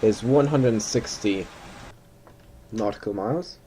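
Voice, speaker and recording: A man's voice: on the low side, unhurried, warm tone, slight background noise, rough recording. A man giving casual commentary while playing a flight simulator, thinking aloud and correcting himself as he goes.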